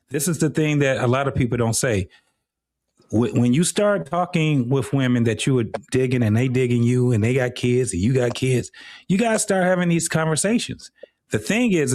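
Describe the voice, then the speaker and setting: A man's voice: medium pitch, a little mellow, no room sound. A middle-aged man hosting a live talk show, speaking bluntly and casually with frequent profanity. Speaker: host.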